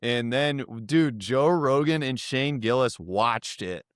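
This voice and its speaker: A man in his thirties, a podcast guest, telling lively stories in casual chat and mimicking his friends' voices. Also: medium pitch, slow pace, clear, resonant tone, no echo, clean studio sound. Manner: animated, mimics voices when quoting friends. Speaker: guest, content creator. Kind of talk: casual storytelling.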